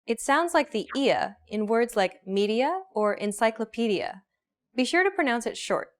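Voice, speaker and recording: A woman narrating a scripted pronunciation lesson with clear, measured explanations. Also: a little high, animated. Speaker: pronunciation teacher.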